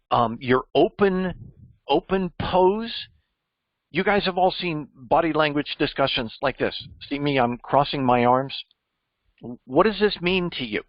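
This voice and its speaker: A man's voice: mid-range voice, no echo, lo-fi sound. A man mentoring a group on job interviews, emphatic and teacherly, quizzing his listeners as he goes. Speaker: cybersecurity mentor. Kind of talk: coaching discussion.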